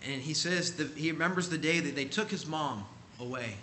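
A man's voice: on the high side, fairly quick, bright, forceful tone, slight background noise. A man preaching, telling a story emphatically and acting out the people he quotes. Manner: emphatic, acts out quoted voices. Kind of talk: sermon storytelling.

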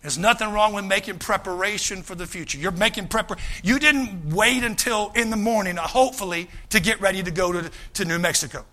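A male pastor, preaching a folksy, animated sermon, often acting out quoted voices and repeating his starts. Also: high-pitched, a little fast, hardly any pauses.

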